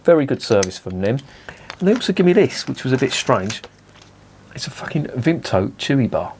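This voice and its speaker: A man's voice: medium pitch, sing-song, normal speed, darkish tone, a little hiss or hum. A man giving a casual beer review, blunt and enthusiastic, swearing freely.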